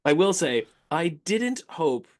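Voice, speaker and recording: A man co-hosting a casual film discussion, talking in an animated way, laughing often and acting out quoted lines. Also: on the high side, slow. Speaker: podcast co-host.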